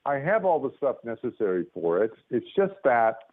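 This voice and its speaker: A man, a lawyer and comedian, telling animated stories as a guest on a phone call, acting out other people's voices. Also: medium pitch, moderate pace. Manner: lively, acts out voices, restarts often. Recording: tinny phone line.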